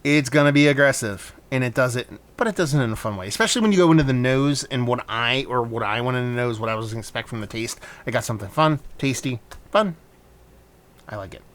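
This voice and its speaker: A man's voice: medium pitch, animated, quick pace, a bit bright. A man casually reviewing a hazy beer on his vlog, talking loosely with rambling asides and frequent swearing.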